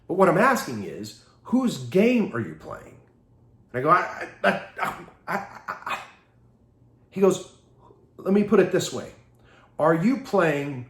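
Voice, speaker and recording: Male speaker from Texas, storytelling seminar, slightly high voice, echoey room. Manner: animated, acts out quoted dialogue, laughs often. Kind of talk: storytelling talk.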